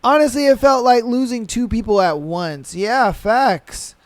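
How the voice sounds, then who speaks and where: A man hosting a podcast, reading listener stories and reacting with blunt, profane, animated comments. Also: extremely high pitch, a little slow, dry recording. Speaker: podcast host. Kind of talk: casual reaction to read-out stories.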